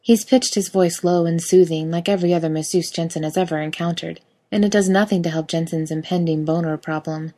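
A woman reads a story aloud with a wry, casual delivery that lets the odd swear word through. Her voice sits a little low. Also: steady tone, a little fast, few pauses, mellow. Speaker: reader. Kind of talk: storytelling narration.

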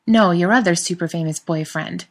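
Storybook role: woman reading a crude, joking young guy, quick and cocky. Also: lowish voice. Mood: mocking. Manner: crude, mocking, wisecracking. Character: brash joking young man.

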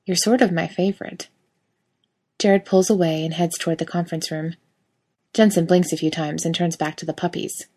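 Brief: female reader, slightly low pitch, wry lively storytelling. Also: fairly quick. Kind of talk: reading fan fiction aloud.

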